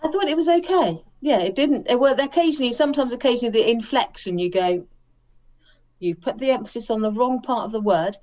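A woman's voice: on the high side, lively intonation, a little fast, darkish tone. A woman co-hosting a casual film review podcast, thoughtful and weighing her words. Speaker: podcast co-host. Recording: dull lo-fi audio.

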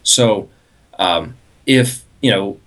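A man's voice: on the low side, extremely slow, a bit bright. Man telling a rambling prank story. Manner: rambling, laughing at his own prank story. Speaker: podcast co-host. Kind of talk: casual storytelling.

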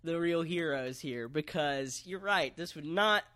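A man casually chatting on a podcast, recapping a match in animated, profane play-by-play. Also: on the high side, a little slow. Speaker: podcast co-host.

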